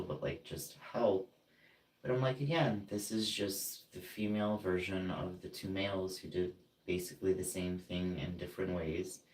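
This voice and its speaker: A man with a very low voice pours out a personal grievance at a slow, dragging pace, breaking off and restarting his thoughts. He is set back from the mic in an echoey room. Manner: ranting, indignant, halting with frequent fillers. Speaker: vlogger. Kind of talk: emotional personal vent. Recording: roomy, distant from the mic.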